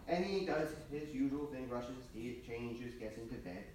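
A man's voice: mid-range voice, moderate pace, darkish tone, a little hiss or hum. A male priest preaching a sermon, telling stories in a conversational way with casual asides. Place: church. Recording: echoey church from far off.

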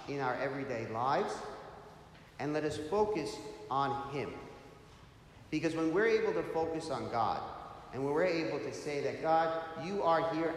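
A man who is a priest, giving a sermon in a large church in an earnest preaching manner, with rhetorical asides to the congregation. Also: fairly high pitch. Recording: very echoey hall, faint background hum.

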